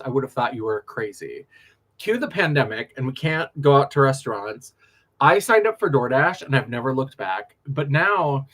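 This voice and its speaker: On a late-night livestream, a man who performs in drag talks casually in a mid-range voice. He's animated, laughs a lot, and wanders from story to story.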